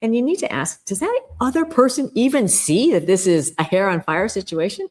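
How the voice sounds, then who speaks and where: A woman's voice: mid-range voice, sing-song, fairly quick. Earnest, emphatic woman coaching. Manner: earnest and emphatic, acts out quoted inner voices. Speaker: guest, communication coach. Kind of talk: podcast interview.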